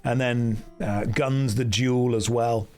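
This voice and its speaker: A man's voice: medium pitch, steady tone, takes it slowly. A man chatting on a live game stream in a joking, self-mocking way. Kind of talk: casual live-stream chat.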